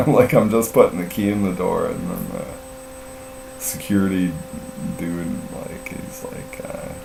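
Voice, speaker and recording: A middle-aged man with a low, gravelly voice rambles through a profane story in casual live-stream chat, slow and full of fillers. He sits back from the mic in a roomy space, with a faint mains hum underneath. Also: distant mic.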